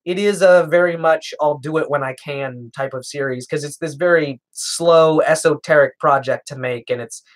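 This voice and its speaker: A man's voice: fairly high pitch, moderate pace, hardly any pauses. A young man streaming, answering chat questions in a casual, rambling way, hesitating often and chuckling. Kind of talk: casual livestream Q&A.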